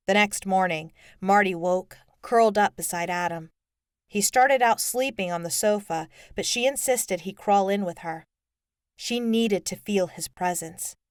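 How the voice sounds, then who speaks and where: A woman narrating a young adult novel in a measured storytelling manner. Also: mid-range voice, clear, resonant tone, no echo, studio quality. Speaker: audiobook narrator. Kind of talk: scripted narration.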